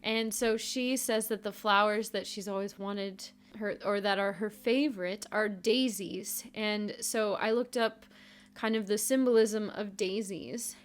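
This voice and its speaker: A woman's voice: medium pitch, steady tone, a little slow. A woman co-hosting a podcast, chatting casually and thoughtfully about a TV episode and hedging her points with plenty of fillers. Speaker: podcast co-host. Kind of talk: casual chat recapping a TV episode.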